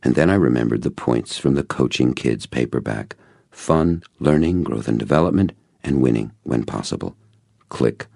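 A man's voice: rumbling low, moderate pace, vocal fry, husky, no room sound, studio quality. A man narrating a first-person story as an audiobook, in a storytelling manner. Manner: storytelling, animated dialogue reading.

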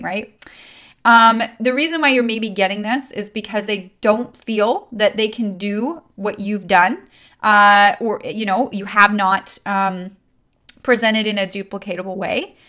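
A woman's voice: mid-range voice, unhurried, sharp tone. A woman giving a conversational coaching talk on handling sales objections, with frequent fillers and checks like "right?". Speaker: network marketing trainer.

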